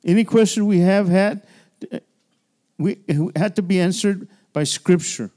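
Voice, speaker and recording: In a church sanctuary, a man with a high, warm voice preaches a midweek sermon in an unhurried manner. He talks to the congregation conversationally, often restarting and inviting call-and-response.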